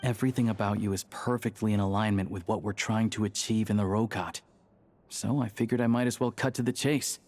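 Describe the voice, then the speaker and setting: An actor playing a calm, friendly young man who works at a theater, in a game. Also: on the low side, a little fast, natural voice. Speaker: game character.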